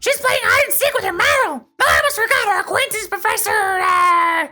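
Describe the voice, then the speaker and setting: A man voicing a cheerful, fussy mother in a video game, reading her lines in a shrill falsetto. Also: normal speed, sharp tone, exaggerated voice. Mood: chirpy. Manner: shrill high falsetto, chirpy and doting. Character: cheerful fussy middle-aged mother of the player. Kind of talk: reading game dialogue aloud in voices.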